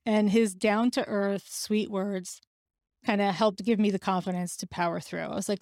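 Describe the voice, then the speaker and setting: A middle-aged woman hosting a podcast, telling a personal story in a lively way and acting out the dialogue she quotes. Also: medium pitch, normal speed, dry recording, clean studio sound. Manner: animated, acts out quoted dialogue. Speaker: podcast host.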